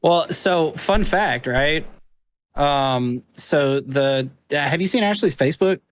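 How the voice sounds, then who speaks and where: A man's voice: a little high, slow. A man co-hosting a podcast in casual chat, chatty and swearing casually. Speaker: podcast co-host.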